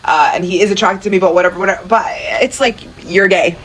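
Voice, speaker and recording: A woman hosting a podcast, reacting with quick, sympathetic comments and sharing her own story in conversation. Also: mid-range voice, a little hiss or hum, rough recording. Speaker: podcast host. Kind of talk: conversational interview.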